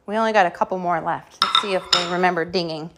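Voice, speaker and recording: A woman hosting a home live stream, playfully giving her dogs quick commands and thanking viewers, a bit out of breath. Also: lowish voice, steady tone, heavy background noise. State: slightly out of breath. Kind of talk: live stream chat while training dogs.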